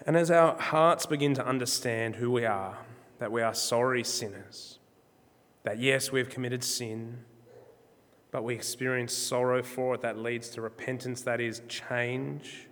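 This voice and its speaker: Male preacher, measured and emphatic, mid-pitched voice, long church echo. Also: fairly even intonation, fairly bright tone. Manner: measured, emphatic, slows on key words. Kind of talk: sermon.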